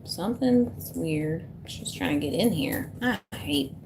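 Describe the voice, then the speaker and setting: A woman's voice: fairly low pitch, lively intonation, takes it slowly, creaky, darkish tone. Woman tarot host, self-mocking casual banter, faint room hum. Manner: chatty, self-deprecating, talks to herself while fixing tech. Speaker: tarot reader hosting a live stream. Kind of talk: casual live-stream chat.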